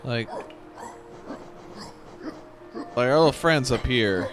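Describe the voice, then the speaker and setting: A man hosting a let's play, commentating his gameplay in an excitable, self-mocking way. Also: mid-range voice, takes it slowly. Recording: game music behind the voice.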